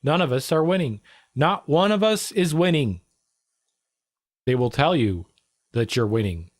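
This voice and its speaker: A man's voice: fairly high pitch, animated, a little slow, dry recording, studio quality. A man hosting a livestream, mocking the news clips he plays in a profane, sarcastic, casual rant. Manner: sarcastic, mocking, swears freely. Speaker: livestream host.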